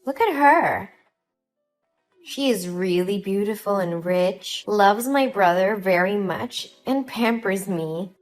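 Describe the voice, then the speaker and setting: A woman voicing a spiteful young sister-in-law who talks in a sharp, scornful, accusing way in a dramatized story. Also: mid-range voice, expressive, slow pace, faint music behind. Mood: contemptuous.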